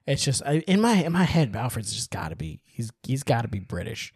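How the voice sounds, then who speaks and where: Man, podcast co-host, laid-back joker, lively pitch, dry close sound. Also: fairly quick, slightly rough, dry recording. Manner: laid-back, jokey, agreeable. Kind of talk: casual chat.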